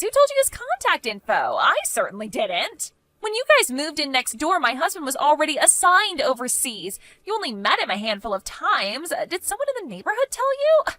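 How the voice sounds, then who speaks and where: A woman's voice: sits high, sharp tone, dry recording, heavily acted. A woman voicing a selfish, defensive woman neighbor who scoffs and bristles in a narrated story. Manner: indignant, scoffing.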